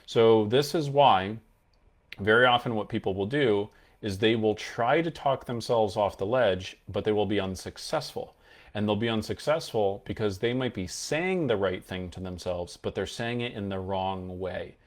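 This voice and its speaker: A man's voice: lowish voice, moderate pace. A man coaching on mental health, explaining earnestly and showing different tones of voice as he teaches. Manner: earnest, emphatic, demonstrates tones of voice while teaching. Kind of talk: explanatory coaching talk to camera.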